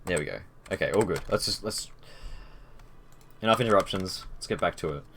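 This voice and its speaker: A man's voice: deep voice, animated, brisk, fairly bright tone, a little hiss or hum. A young man streaming from his desk on a headset, chatting casually and rambling with fillers. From Australia. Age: young adult. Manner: rambling and easygoing, with many fillers and restarts. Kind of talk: casual live-stream chat.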